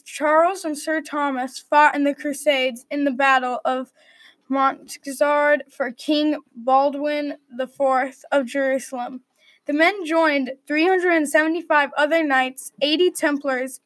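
A woman reading a medieval adventure story aloud at a steady read-aloud pace. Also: high voice, no room sound.

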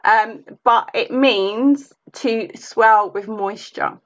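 A woman's voice: fairly high pitch, fairly bright tone, muffled recording. A woman from England, a coach, co-hosting a casual podcast, laughing and sometimes restarting her sentences. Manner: unhurried, laughing, with hesitant restarts.

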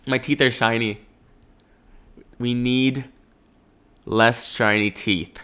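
A man's voice: mid-range voice, steady tone, takes it slowly, a bit bright, clean tone. A man in his twenties hosting a podcast, rambling in goofy, profane chat and slipping into silly voices. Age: 20s. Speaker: podcast host.

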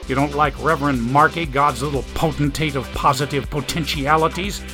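A man's voice: fairly high pitch, fairly even intonation, brisk, close to an everyday voice. Man playing a wry teasing dad, light dry humor, faint music behind. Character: wry older father, joking and easygoing.

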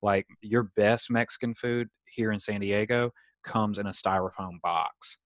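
Chatty Southern man, low voice. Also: fairly even intonation, measured pace, a bit bright, dry recording. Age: young adult. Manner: chatty storyteller, many "like" fillers. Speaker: podcast host. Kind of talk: casual chat. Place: home in San Diego.

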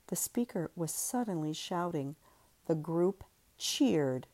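A woman, an author and podcast host, reading her own novel aloud in a measured, steady voice. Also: fairly low pitch.

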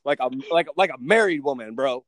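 A man's voice: mid-range voice, lively intonation, a little fast, dry recording. A young man hosting a podcast, telling a brash story in casual chat, swearing constantly and calling his friend bro and dude. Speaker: podcast host.

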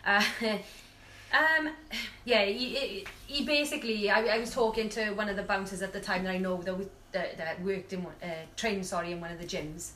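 A young woman chats casually as a podcast guest, full of fillers and quick restarts. Her voice sits at an ordinary pitch. It sounds set back from the mic in a roomy space, with a faint hum behind her. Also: steady tone, sharp tone, far from the mic. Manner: chatty, many fillers and restarts. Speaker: podcast guest, jiu-jitsu fighter. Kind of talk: casual chat, storytelling.

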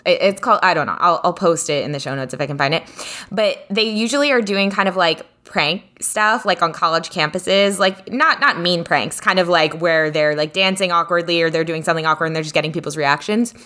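A woman co-hosting a relaxed podcast, talking in a lowish voice. She rambles with plenty of filler words and retells stories with animation. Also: fairly quick. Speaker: podcast co-host. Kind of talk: casual chat.

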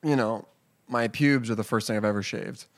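A man's voice: lowish voice, a little fast. A young man co-hosting a podcast, rambling and swearing in casual chat. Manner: rambling, profane, often laughing. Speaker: podcast co-host.

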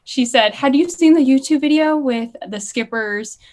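Bubbly young woman telling quick stories. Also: sits high, darkish tone. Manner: bubbly, quick storytelling with laughs. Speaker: guest, former ride skipper. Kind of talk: casual podcast chat.

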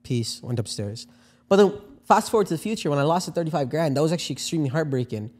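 A young man in his twenties co-hosting a podcast, telling stories fast and laughing, with lots of restarts. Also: fairly high pitch, animated, darkish tone. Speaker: podcast co-host. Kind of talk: casual podcast chat.

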